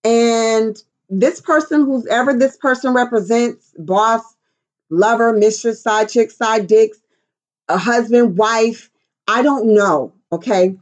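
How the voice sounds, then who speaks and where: Speaking slowly in a voice on the high side, a middle-aged tarot reader gives a laid-back reading. She swears freely, acts brash, and goofs around with funny voices and bits of singing.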